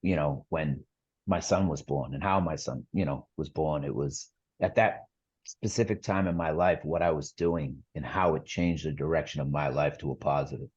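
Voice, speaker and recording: A man's voice: a bass voice, normal speed, a little mellow, husky, highs cut off. A middle-aged man, a podcast guest, telling his story earnestly in a rambling casual way with lots of fillers and restarts.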